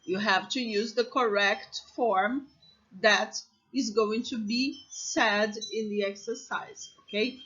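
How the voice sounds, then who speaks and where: Slow, patient woman English teacher. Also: mid-range voice, sharp tone, lo-fi sound. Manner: patient, repeats examples and checks with "okay?". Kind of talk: slow, deliberate classroom explanation.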